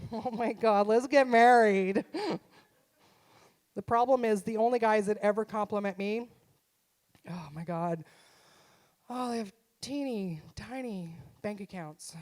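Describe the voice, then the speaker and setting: A woman's voice: mid-range voice, a little mellow. A middle-aged woman, a mom, performing a punchy, self-deprecating stand-up comedy set live on a theater stage through a stage microphone. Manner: punchy, self-deprecating, acts out her son's voice.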